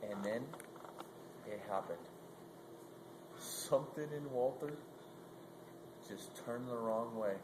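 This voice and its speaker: A man's voice: mid-range voice, takes it slowly, pauses often, very noisy. A young man casually telling a comic story, rambling with lots of "like" and "um". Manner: rambling, full of "like" and "um". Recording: roomy echo, faint ambience.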